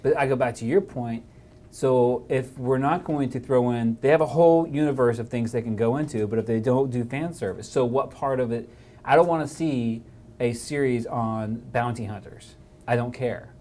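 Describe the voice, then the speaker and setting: A man's voice: medium pitch, normal speed, dark tone. A man in a casual movie podcast chat, blunt and dismissive about what he dislikes.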